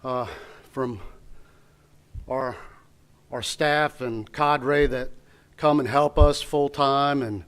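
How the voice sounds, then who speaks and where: A man's voice: mid-range voice, steady tone, very slow, long pauses, fairly bright tone, clean tone. A man introducing the next segment at a graduation ceremony, hesitant and full of restarts.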